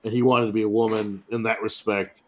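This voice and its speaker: A man in casual movie chat, loose and opinionated, swearing freely and cutting in with quick mocking impressions. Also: fairly low pitch, little pitch movement, slight background noise.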